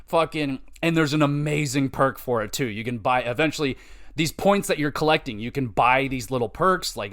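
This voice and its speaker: A man's voice: mid-range voice, normal speed. A man hosting a podcast, rambling casually and swearing as he retells game stories. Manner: rambling, profane, animated retelling with quoted voices. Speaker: podcast host. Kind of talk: casual game-review chat.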